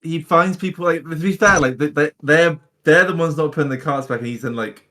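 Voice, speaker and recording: A man's voice: on the high side, a little fast, sharp tone. A man co-hosting a casual podcast, chiming in with brief agreements and comments. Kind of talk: casual chat.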